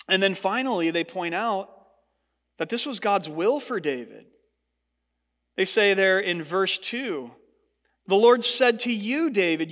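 A man preaching a sermon as pastor to his congregation, earnest, his voice lifting when he voices what others said. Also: a bit bright. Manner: earnest preaching, rising in pitch for quoted speech. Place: large church hall. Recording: long hall reverb.

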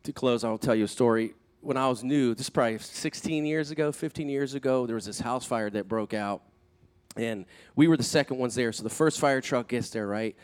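A man preaching a sermon, telling a personal story in an earnest, animated way that builds in intensity. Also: mid-range voice, brisk, smooth. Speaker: pastor.

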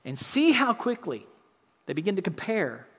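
A man preaching a sermon, earnest and a bit halting, often restarting and repeating words. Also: high voice, sing-song, fairly bright tone, breathy edge, long reverb tail. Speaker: pastor.

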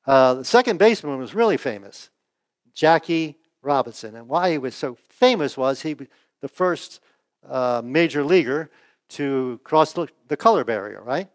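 With lively intonation and a moderate pace, this man preaches a chatty, conversational sermon at church. He frequently tosses in "right?" and performs the quotes he reads in a higher pitch.

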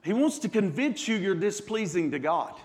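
A male pastor with a very high voice preaches with passion, stacking phrase on phrase and restarting mid-thought. His voice carries a long reverb, as in a large church hall. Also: big pitch swings, normal speed. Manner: impassioned, piling up repeated phrases, with stumbles and restarts. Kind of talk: sermon.

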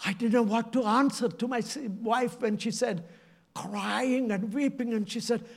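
Middle-aged preacher guy, super high voice, drags it out slow, begging the crowd to wake up. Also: fairly even intonation, creaky. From India. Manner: impassioned, pleading, repeats phrases. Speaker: evangelist preacher. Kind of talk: sermon.

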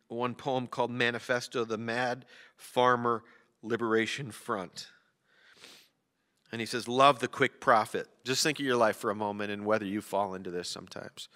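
A man's voice: mid-range voice, bright, forceful tone. A man preaching a sermon, chatty and joking at times, then reading poetry with emphasis. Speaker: pastor. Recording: long hall reverb.

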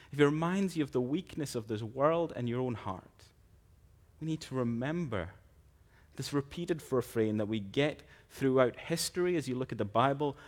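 A man preaching a sermon, earnest and measured, slowing down to stress key phrases. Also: mid-range voice, darkish tone. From Scotland.

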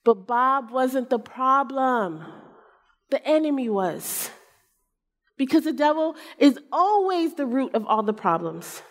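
A woman preacher telling a personal story in a sermon, animated and self-mocking, acting out the people in it. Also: sits high, takes it slowly. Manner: animated, acts out quotes, self-mocking humor. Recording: long hall reverb.

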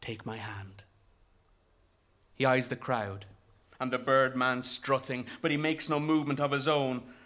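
A man narrating a literary story in a measured, vivid way, with rhythmic phrasing. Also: mid-range voice, fairly even intonation, fairly bright tone.

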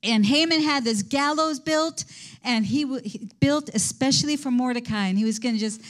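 A woman's voice: high-pitched, normal speed. A woman teaching a Bible lesson in an enthusiastic, rambling preaching manner. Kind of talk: sermon.

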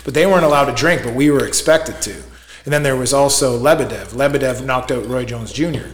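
A man's voice: mid-range voice, a little fast. A man chatting casually as a podcast guest, telling a long story in a loose, rambling way with plenty of filler words. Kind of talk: casual chat. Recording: roomy echo.

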